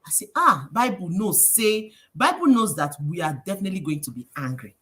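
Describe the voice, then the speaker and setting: A woman with a Nigerian accent hosting a casual livestream, preachy and lively, slipping in Pidgin phrases. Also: lowish voice, brisk. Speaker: livestream host.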